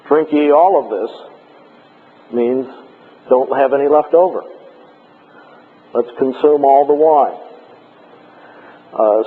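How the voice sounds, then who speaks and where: A man giving a classroom lecture on logic, explaining points in a measured way with frequent pauses. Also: mid-range voice, breathy edge. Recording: tinny lo-fi lecture tape with faint hiss.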